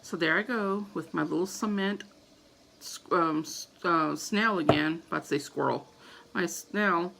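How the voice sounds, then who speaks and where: A woman's voice: lowish voice, unhurried, vocal fry, noisy background. A woman in her thirties telling a story casually to camera as a vlogger, acting out her own panicked reactions.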